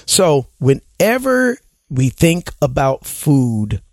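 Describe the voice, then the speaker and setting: A man hosting a casual advice talk show, talking in an animated way and slipping into exaggerated impressions of people. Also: on the high side, slow, no echo, studio quality.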